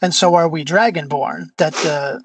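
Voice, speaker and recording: A player speaking in character in a tabletop game, measured and hesitant with evasive answers. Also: mid-range voice, creaky, fairly bright tone, slight background noise, poor audio. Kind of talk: in-character tabletop role-play.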